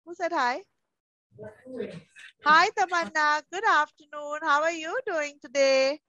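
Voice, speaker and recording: Her voice is high, steady, pushed and bright, at a measured pace with no echo. Speaking with an Indian English accent, she teaches young children over a muffled video call, gently coaxing them and calling them darling.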